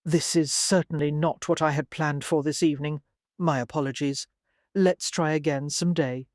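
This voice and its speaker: The audiobook narrator voicing a charming, teasing aristocratic gentleman with a wry manner. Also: mid-range voice, steady tone, moderate pace, no room sound, clean studio sound, lightly acted. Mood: rueful. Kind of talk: audiobook character voice.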